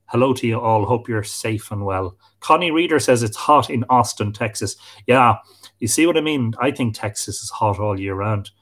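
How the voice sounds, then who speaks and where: Irish guy on a live stream, reading comments out loud, friendly and chatty, mid pitch. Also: normal speed. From Ireland. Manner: friendly, chatty, greeting viewers by name. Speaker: host of a live online show.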